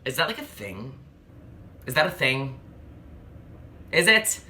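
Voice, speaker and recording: Sassy bright-voiced young man. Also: mid-range voice, slow pace, slight background noise. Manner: sassy, animated and profane. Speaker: travel vlogger. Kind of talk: comedic storytelling to camera.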